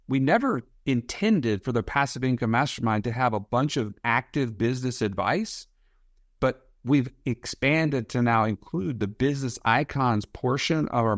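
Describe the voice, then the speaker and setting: A man's voice: medium pitch, dry recording, studio quality. A man co-hosting a podcast, telling a story and quoting what he said to others. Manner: storytelling, quotes himself. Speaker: podcast co-host. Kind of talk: casual podcast discussion.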